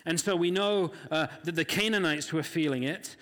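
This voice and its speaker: A man's voice: a little high, moderate pace, fairly bright tone. A man preaching a sermon in an earnest, conversational way, often acting out the voices of the people he quotes. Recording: long hall reverb.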